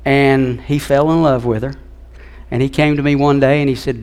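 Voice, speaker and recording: A man's voice: mid-range voice, level tone, normal speed, a little mellow, smooth. A man in his fifties preaching a sermon in a church, telling a personal story in an earnest, emotional way. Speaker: pastor. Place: church sanctuary.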